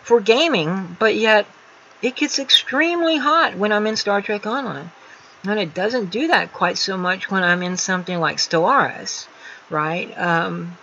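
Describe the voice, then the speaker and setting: A woman hosts a casual livestream from a room in her home, talking at a middling pitch. She rambles easily, padding her sentences with ums and restarts. The audio is a little dull and lo-fi, with a faint hiss underneath. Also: measured pace, pushed and bright. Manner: rambling, chatty, many fillers and restarts. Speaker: livestream host.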